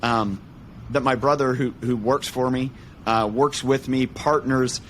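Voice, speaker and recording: A man's voice: mid-range voice, fairly even intonation, unhurried, fairly bright tone, slight background noise. Earnest, hesitant male podcast host. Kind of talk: conversational interview.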